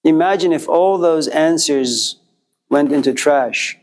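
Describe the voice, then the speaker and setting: A male lecturer tells a story to his listeners in a loose, conversational way, turning to address them directly. His voice sits a bit on the high side for a man. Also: slow pace. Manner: acts out quoted characters with jumps in pitch.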